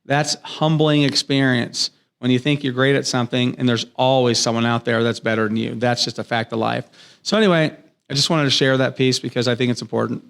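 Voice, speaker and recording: A man in his thirties or forties talks casually as a podcast guest. His voice sits at an ordinary middle pitch. He tells stories earnestly and enthusiastically, acting out bits of dialogue as he goes. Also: steady tone, brisk, vocal fry, fairly bright tone, clean tone. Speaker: podcast guest, business owner. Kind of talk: casual interview storytelling. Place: podcast studio.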